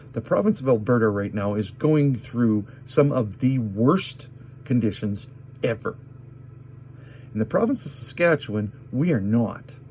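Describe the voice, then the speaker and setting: A man telling a personal story in an agitated, indignant way, with many pauses. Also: fairly low pitch, darkish tone, a little hiss or hum. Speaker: vlogger. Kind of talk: personal story told to camera.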